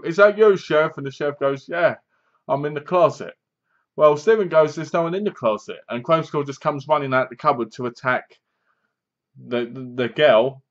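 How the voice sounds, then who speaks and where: A man's voice: on the high side, highs cut off. A man giving a casual, rambling spoken review of a horror film, often restarting his sentences. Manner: rambling, loose, many restarts. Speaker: movie reviewer.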